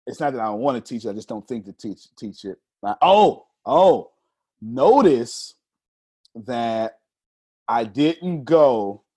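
A man, a professional speaker explaining his techniques to a group, talking deliberately with intentional pauses. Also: medium pitch, animated, dark tone, slightly rough.

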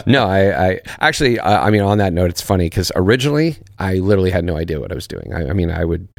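Deep-voiced man, laid-back podcast guest. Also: animated, quick pace, gravelly, no echo, studio quality. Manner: laid-back and profane, searching for words. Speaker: podcast guest, actor and former soldier. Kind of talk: casual podcast chat.

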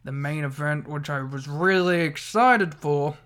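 A man's voice: fairly high pitch, a little slow, a bit bright. A man co-hosting a podcast, chatting bluntly about wrestling, swearing freely and laughing mid-sentence. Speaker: podcast co-host. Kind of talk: casual wrestling chat.

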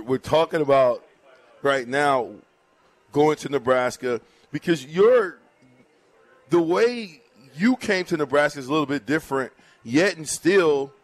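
A man hosting a radio interview who chats casually and brings in his own experience. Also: medium pitch. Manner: conversational, relates own experience. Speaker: radio show host.

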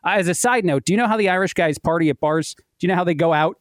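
Guy in his 30s spinning a funny story, kinda high voice, dry close sound. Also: fast, no room sound. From United States. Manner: chatty, laughs through his own tale. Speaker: guest. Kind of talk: casual storytelling.

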